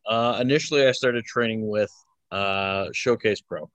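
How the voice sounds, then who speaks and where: A man's voice: on the low side, measured pace, fairly bright tone, no echo, lo-fi sound. A man in his twenties, a wrestler answering interview questions casually, hesitant and full of fillers, chuckling often. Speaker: wrestler guest.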